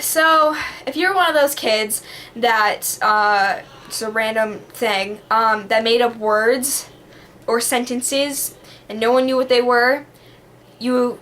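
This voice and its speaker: A woman's voice: on the high side, fairly bright tone, a little hiss or hum. A woman vlogging in a casual, rambling monologue that is full of fillers and has a bubbly, dramatic manner. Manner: rambling, heavy on the filler word "like".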